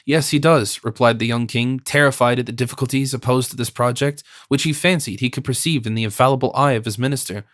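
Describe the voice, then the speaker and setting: A man narrating a classic novel in a measured, formal storytelling manner on a close studio mic. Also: medium pitch, fairly even intonation, fairly bright tone, dry recording. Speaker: audiobook narrator. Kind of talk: scripted narration.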